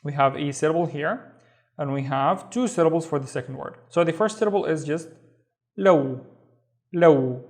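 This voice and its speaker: A man's voice: a little high, a little fast. A man teaching a beginner reading lesson, patiently sounding out syllables one at a time and repeating each word. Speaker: Arabic teacher. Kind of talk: slow step-by-step reading lesson.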